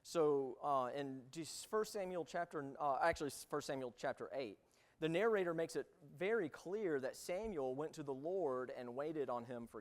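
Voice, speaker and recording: A man of middle pitch leads a church Bible class, reading passages aloud before talking them through in a relaxed, halting way. His voice carries a long reverb from the hall he is in. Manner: reads scripture aloud, then explains in loose, halting asides. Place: church room.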